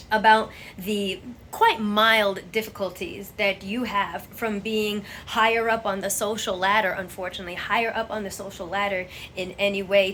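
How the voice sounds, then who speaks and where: A woman's voice: medium pitch, a bit bright, a little hiss or hum. A woman giving a blunt, profane, exasperated rant to camera as a vlogger.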